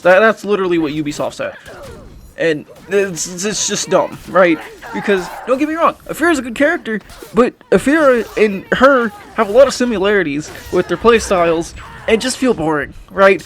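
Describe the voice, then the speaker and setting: Young dude w a high voice, gaming rant, cusses a lot, keeps restarting sentences. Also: male voice, animated, a little fast. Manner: frustrated, swears often, restarts mid-sentence. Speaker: gaming YouTuber. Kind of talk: ranting game commentary.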